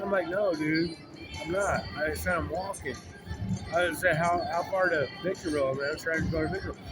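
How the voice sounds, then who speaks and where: A man's voice: on the high side, steady tone, a little fast. A man telling a long, rambling story outdoors by a road, profane and full of "like" and restarts. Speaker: vlogger. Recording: clear music behind the voice.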